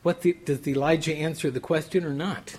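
A man's voice: fairly high pitch, fairly even intonation, fairly quick, darkish tone, breathy edge. A man preaching a Bible study sermon, reading verses aloud and then commenting on them conversationally.

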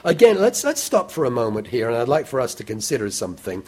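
A man preaches with a slightly husky voice at a middling pitch. He talks in a measured way, slowing down to dwell on key words. His voice lifts when he reads a verse aloud. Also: sing-song, darkish tone. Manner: measured, slows to stress scripture, rises when quoting. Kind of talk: sermon.

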